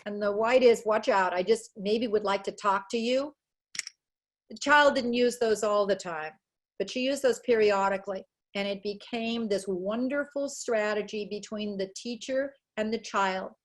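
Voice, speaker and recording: A middle-aged woman presenting a webinar on child psychology, talking energetically in quick bursts and acting out quoted dialogue with life. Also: medium pitch, a little hiss or hum. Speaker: educational psychologist giving a webinar talk.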